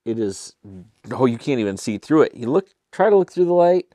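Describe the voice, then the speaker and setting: A man's voice: mid-range voice, very animated, fairly quick, dark tone, no room sound, clean studio sound. A man hosting a casual beer tasting review, talking chattily and enthusiastically with self-deprecating asides. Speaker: beer reviewer and show host.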